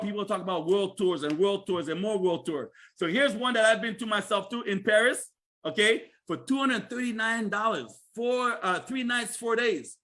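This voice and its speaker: A man giving an energetic, chatty sales presentation on a livestream, repeating himself and asking listeners questions. He speaks with a Canadian accent. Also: high voice.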